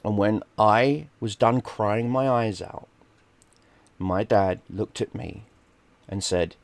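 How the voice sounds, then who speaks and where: Middle-aged guy spinning a story, kinda low voice, swears a lot, does everyone's lines, dry sound. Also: slow, gravelly, no room sound. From London, England. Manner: animated, swears freely, acts out quoted people. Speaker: streamer. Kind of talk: casual storytelling.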